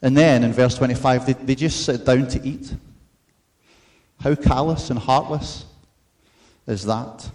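A man preaching a sermon in an earnest, measured way, mixing in storytelling asides. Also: mid-range voice, darkish tone.

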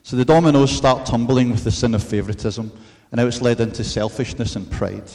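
A man preaching a sermon in an earnest, measured way, mixing in storytelling asides. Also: medium pitch, steady tone, a little mellow.

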